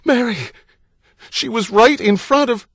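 A man voicing a desperate young husband who shouts for his wife, in an audiobook. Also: very high voice, unhurried, slightly rough, dry recording, clean studio sound, voice pushed up, exaggerated voice. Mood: frantic.

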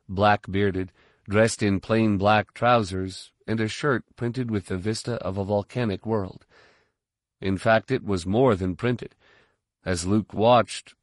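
A man reading an audiobook in a steady, measured narration. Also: on the low side, no echo, studio quality. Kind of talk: scripted narration.

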